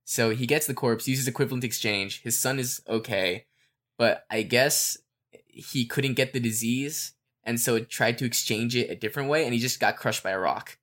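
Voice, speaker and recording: A man co-hosting a podcast, talking through fan theories in a relaxed, rambling way with lots of fillers. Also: medium pitch, normal speed. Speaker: podcast co-host. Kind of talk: casual fan theory chat.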